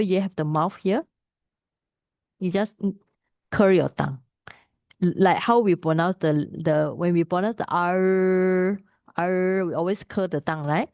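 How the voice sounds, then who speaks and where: A woman with a Malaysian English accent teaching Pali pronunciation, patiently repeating sounds slowly. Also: on the low side, a little mellow, dry recording, studio quality. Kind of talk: pronunciation lesson.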